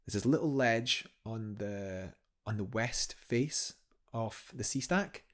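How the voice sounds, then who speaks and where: A man, a guest telling a climbing story in a casual podcast chat, enthusiastic and rambling with many restarts. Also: medium pitch.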